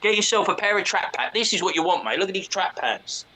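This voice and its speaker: A man's voice: high voice, animated, quick pace, bright, forceful tone, low-quality recording. A man, hosting a stream and talking in a brash, boastful, swearing way. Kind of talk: casual banter.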